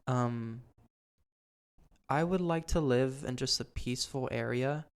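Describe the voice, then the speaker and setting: A man's voice: medium pitch, slow pace, clean tone. Young man rambling in a casual chat. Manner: rambling, many fillers and "like". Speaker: podcast host.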